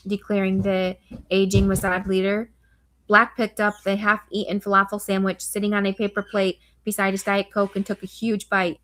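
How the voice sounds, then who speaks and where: A woman's voice: medium pitch, flat delivery, moderate pace, a bit bright. A woman narrating a thriller novel as an audiobook, reading steadily with occasional slips and restarts.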